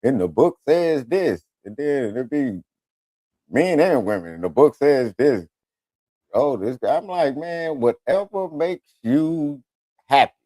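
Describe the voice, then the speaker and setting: Animated, profane man telling stories. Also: mid-range voice, slow pace, no echo. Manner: animated storytelling, switches into voices of others. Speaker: radio show host. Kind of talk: profane comedic monologue.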